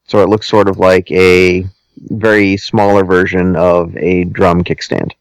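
Slow, smooth-voiced male game master. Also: sits low, little pitch movement, no echo, poor audio. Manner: deliberate, hesitant narration with many ums and restarts. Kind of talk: narrating a tabletop game.

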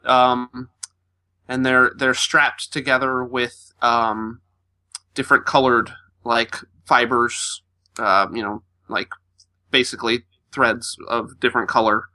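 Male player, bright tone, mid pitch, meandering casual talk. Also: little pitch movement, takes it slowly. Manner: thoughtful, fillers and hedging. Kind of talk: describing his character's item, casual.

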